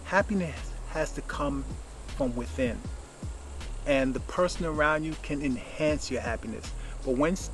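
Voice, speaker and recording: A man's voice: medium pitch, poor audio. A man giving casual life advice in a rambling, reflective monologue with lots of fillers.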